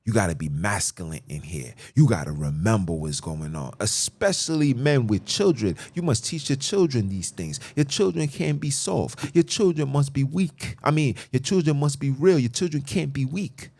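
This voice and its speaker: A man's voice: mid-range voice, sing-song, normal speed, vocal fry, hardly any pauses, darkish tone, breathy edge. A middle-aged man hosting a podcast, delivering an emphatic, repetitive, lecturing monologue. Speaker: podcast host. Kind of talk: preachy monologue.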